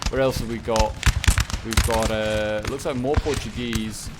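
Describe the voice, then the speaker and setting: A man giving chatty, excitable, rambling commentary on a game battle. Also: fairly low pitch, a little slow. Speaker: gaming channel host. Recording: gunfire and battle sounds over voice. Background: game gunfire and battle noise.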